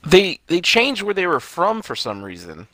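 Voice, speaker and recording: Male co-host, bright and animated, joking casual talk, dry close sound. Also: high voice, normal speed, no echo. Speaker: podcast co-host. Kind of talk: casual chat about a TV show.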